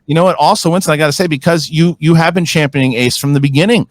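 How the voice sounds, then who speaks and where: Excitable male show host. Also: on the high side, fast. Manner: excitable, hype commentary. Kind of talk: post-match show hosting.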